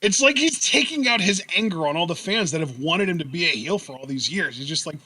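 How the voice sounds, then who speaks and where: A man's voice: fairly high pitch, expressive, fast talker, hardly any pauses, sharp tone, husky, low-quality recording. A man co-hosting a wrestling podcast, laughing and chiming in with short agreements in casual chat. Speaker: podcast co-host.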